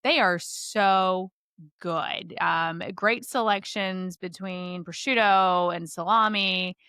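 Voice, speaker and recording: A woman's voice: fairly low pitch, slow pace, pushed and bright, clean tone, dry recording. A woman co-hosting a podcast, chatting enthusiastically in a rambling way, with restarts and laughs. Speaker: podcast co-host. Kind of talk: casual chat.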